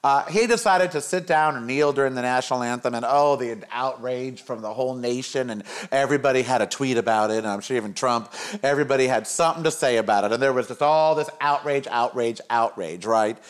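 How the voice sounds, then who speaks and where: A man's voice: medium pitch, a little fast. A middle-aged man hosting his own show, delivering a sarcastic, campy opinion rant in casual talk. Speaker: host.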